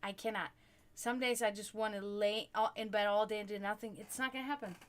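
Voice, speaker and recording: Casual woman streamer just talking to chat, cusses a lot, gets animated telling stories, middle-pitched voice. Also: fairly quick. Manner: chatty, swearing freely, animated storytelling. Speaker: livestream host.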